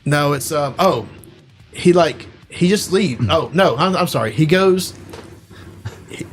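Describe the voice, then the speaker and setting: A man's voice: fairly high pitch, expressive, unhurried, faint music behind. Rambling man retelling a movie plot. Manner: rambling, full of "like" and "you know". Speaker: podcast co-host.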